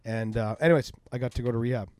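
A middle-aged man tells personal stories with a guest's candor, swearing freely. He talks fast, and his voice sits close and dry with no room around it. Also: mid-range voice, a little mellow, dry recording. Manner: candid and profane, acts out the people in his stories. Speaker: interview guest. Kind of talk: casual personal storytelling.

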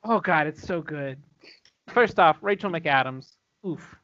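Animated swearing young man, higher voice. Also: unhurried, no room sound. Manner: animated, swearing, laughs while telling stories. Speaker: podcast guest. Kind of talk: casual chat. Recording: dull lo-fi sound.

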